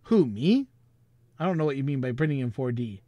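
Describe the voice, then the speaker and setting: A man's voice: medium pitch, expressive, fairly quick, mellow, dry recording, lo-fi sound. A man hosting a vlog in casual chat, rambling, chuckling and thinking aloud. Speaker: vlog host.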